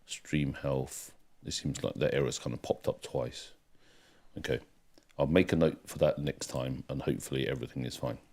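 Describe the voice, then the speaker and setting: A man's voice: a bass voice, steady tone, normal speed, a little mellow. A man co-hosting a music livestream, reading out the chat in a rambling, casual way with lots of fillers. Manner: chatty, rambling, with many fillers. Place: home during a music livestream.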